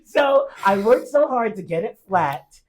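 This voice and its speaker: A woman co-hosting a podcast in casual chat, laughing loudly and often. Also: medium pitch, animated, a little slow. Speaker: podcast co-host.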